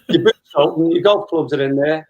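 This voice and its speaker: A man's voice: on the high side, normal speed, a little mellow, muffled recording. A man in his fifties, a guest telling a long casual anecdote and acting out dialogue as he goes. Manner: chatty storyteller, re-enacting dialogue with laughs.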